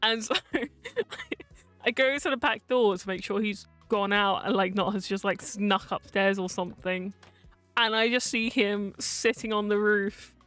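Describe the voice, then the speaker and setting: A woman's voice: mid-range voice, a little slow, fairly bright tone, faint music behind. A woman streaming as a vtuber, telling a casual story in a chatty way, full of fillers, swearing and frequent laughs.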